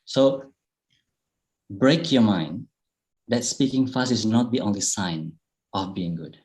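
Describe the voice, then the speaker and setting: A man with an Indonesian accent giving an online public speaking talk, speaking slowly and thoughtfully with frequent fillers and restarts. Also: fairly low pitch, a little mellow, low-quality recording. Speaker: guest speaker. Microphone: video call.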